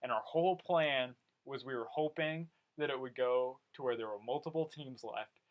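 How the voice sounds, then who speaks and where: A young man hosting a casual podcast, telling stories in an animated way and swearing now and then. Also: mid-range voice, moderate pace, lo-fi sound. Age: young adult. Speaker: podcast host. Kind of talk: casual chat.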